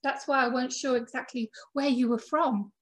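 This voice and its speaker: A woman's voice: high voice, steady tone, moderate pace. A woman hosting a podcast interview, chatty and a little rambling as she introduces and questions her guest. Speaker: podcast host. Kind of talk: casual interview chat.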